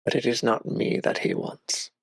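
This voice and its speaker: A man's voice: fairly low pitch, completely flat delivery, quick pace, vocal fry, dry recording. A man voicing a bitter, unwashed village woman who talks in curt, scornful lines.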